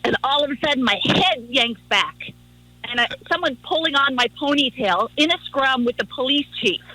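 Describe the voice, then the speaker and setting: A woman's voice: high voice, lively intonation, normal speed, no room sound, rough recording. A woman calling into a radio show, telling affectionate stories. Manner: warm, storytelling, affectionate. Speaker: caller, radio host. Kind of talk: phone-in tribute on radio.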